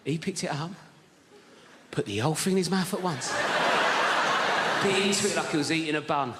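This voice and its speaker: A man's voice: fairly high pitch, normal speed, heavy background noise. A man doing stand-up crowd work, teasing and then apologizing to audience members. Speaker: stand-up comedian. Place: comedy stage with an audience. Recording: roomy live venue with loud crowd.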